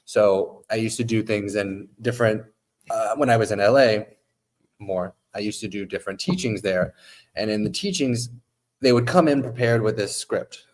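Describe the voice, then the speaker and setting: A man's voice: on the low side, normal speed. A man who owns an agency, chatting casually on a podcast with a voice he says is going, and acting out his clients' lines. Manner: animated, acts out quotes of clients. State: losing his voice, coughing. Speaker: modeling agency owner.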